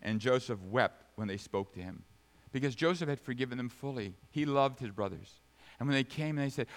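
A man preaching a sermon, swinging from sudden high, loud bursts to soft, low asides. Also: expressive, brisk. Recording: long reverb of a large hall.

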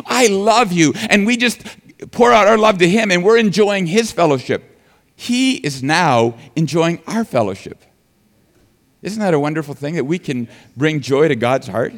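A man's voice: sits high, lively intonation, moderate pace, long reverb tail. A man preaching a sermon earnestly, building emphasis and sometimes restarting his words. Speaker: pastor.

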